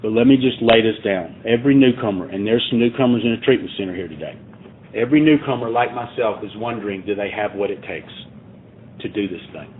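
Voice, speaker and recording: A man's voice: lowish voice, quick pace, slight background noise. Earnest man speaking at a recovery meeting. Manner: earnest, plainspoken, builds to emphatic points. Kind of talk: personal recovery talk. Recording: tinny phone-like sound.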